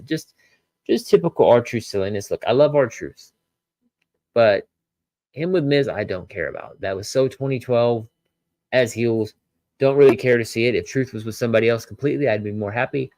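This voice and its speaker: A man's voice: medium pitch, normal speed, a little mellow, no room sound. A man hosting a solo wrestling review podcast, talking casually and rambling with lots of "again" and "basically".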